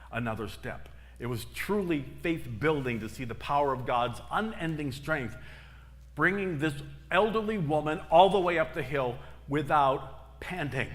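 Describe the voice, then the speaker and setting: Expressive and a bit bright, this mid-range voice moves at a moderate pace. It belongs to a middle-aged minister whose sermon is built on stories and emphatic repetition, captured in a reverberant church hall.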